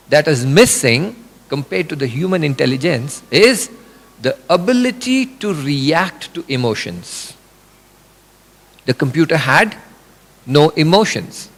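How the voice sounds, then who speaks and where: Man, middle-aged, religious lecture, lively pitch, slightly high voice, long hall reverb. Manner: animated explaining with examples and acted quotes. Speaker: religious speaker.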